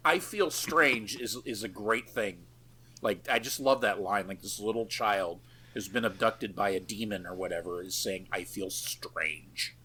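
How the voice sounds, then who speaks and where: A man's voice: on the low side, moderate pace, bright, forceful tone, husky. A man co-hosting a podcast, recapping a film in a loose, profane way with lots of fillers and easy laughs. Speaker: podcast co-host. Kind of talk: casual chat recapping a film.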